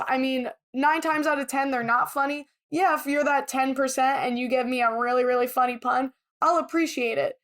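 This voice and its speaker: A woman's voice: high voice, steady tone, moderate pace, few pauses, a bit bright. A woman co-hosting a podcast, chatting casually and airing firm opinions. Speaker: podcast co-host.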